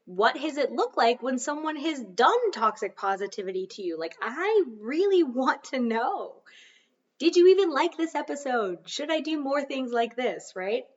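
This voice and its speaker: A woman's voice: sits high, big pitch swings, normal speed, far from the mic, lo-fi sound. A woman hosting a solo podcast, talking casually in a chatty, self-deprecating coaching tone. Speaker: podcast host.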